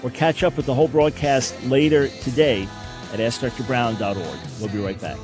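A man's voice: medium pitch, normal speed, music in the background. A man hosting a radio talk show, speaking emphatically with frequent restarts. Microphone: studio microphone.

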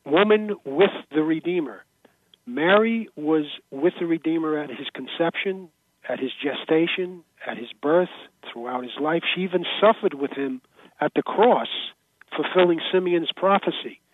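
A man's voice: on the high side, normal speed, no room sound. A man calling in to a radio debate, earnestly explaining his views and citing references. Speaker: caller. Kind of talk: call-in debate. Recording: tinny dry phone line.

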